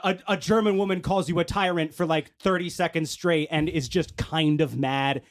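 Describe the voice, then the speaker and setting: A young man co-hosting a comedy podcast, ranting in an animated way, swearing often and swinging up to comic shouts. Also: a little high, normal speed. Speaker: podcast co-host. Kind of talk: comedic casual chat.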